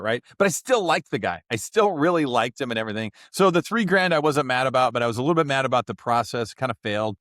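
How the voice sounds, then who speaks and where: A man co-hosts a casual podcast, telling rambling stories and acting out what other people said. His medium-pitched voice is a bit bright, and the recording is dry and studio quality.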